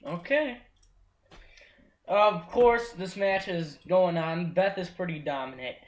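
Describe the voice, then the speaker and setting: A man's voice: high-pitched, slow pace. A young man hosting a casual podcast, leading the rundown in a laid-back way. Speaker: podcast host. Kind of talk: casual chat recapping wrestling. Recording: echoey room.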